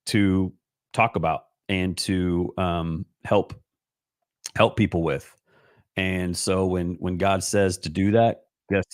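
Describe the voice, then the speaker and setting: A man speaks to pastors on a live stream as a Christian life coach, his voice sitting fairly low. He talks earnestly and rambles, restarting his sentences and filling the gaps with ums and uhs. The sound is dry and close, with no room around it. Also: no room sound.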